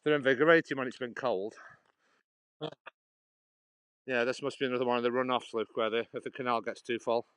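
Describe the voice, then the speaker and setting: A man's voice: medium pitch, steady tone, quick pace, fairly bright tone, clear, resonant tone, no room sound. A man from Stoke-on-Trent, rambling and laughing as he chats to live viewers on an outdoor canal walk. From Stoke-on-Trent, England. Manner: chatty, rambling, laughs often, answers viewer comments. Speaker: livestream walker. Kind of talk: casual live-stream chat while walking. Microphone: phone held while walking.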